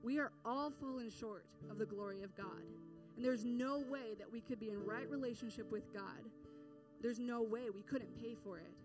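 A woman's voice: on the high side, moderate pace, recorded from a distance, music in the background. A woman giving a sermon, paraphrasing a parable in a casual storytelling way with many fillers.

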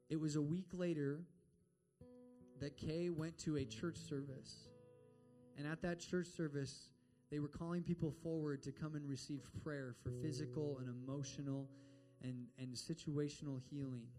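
A man's voice: on the high side, warm tone. Earnest man preaching a sermon. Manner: earnest storytelling, acts out quoted voices. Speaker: pastor.

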